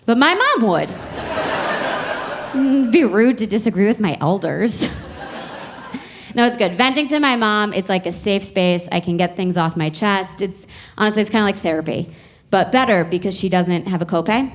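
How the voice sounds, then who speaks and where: A woman's voice: medium pitch, expressive, normal speed, slight background noise. A young woman doing a stand-up comedy set, telling stories in a chatty, exasperated way with playful emphasis, on a club stage mic.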